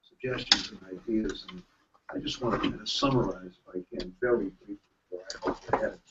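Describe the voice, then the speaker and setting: An older man speaking as a guest at a forum, relaxed and conversational. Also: fairly low pitch. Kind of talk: formal public remarks. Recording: dull lo-fi with background noise.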